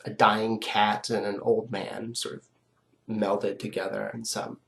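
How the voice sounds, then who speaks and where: A man with a sick, rough voice giving a recorded philosophy lecture, explaining step by step in a conversational way and often checking in with "right?". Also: lowish voice, flat delivery, a little slow, a bit bright.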